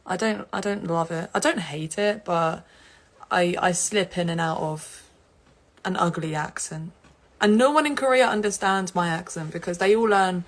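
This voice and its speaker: Young woman, giggly live streamer, slightly low voice, laughs a lot. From England. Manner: giggly and chatty, laughs often. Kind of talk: casual live stream chat.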